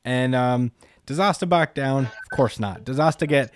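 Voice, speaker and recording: A man's voice: medium pitch, a little slow, no room sound, clean studio sound. A young man co-hosting a podcast, casually recapping a story with lots of fillers. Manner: loose, filler-heavy storytelling. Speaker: podcast co-host. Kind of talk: casual chat, recapping a comic chapter.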